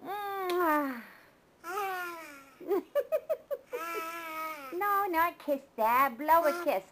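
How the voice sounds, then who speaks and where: A woman coos and coaxes a baby in a bouncy, sing-song voice that swoops high. She talks slowly and stretches her words while filming a home video. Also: fairly bright tone.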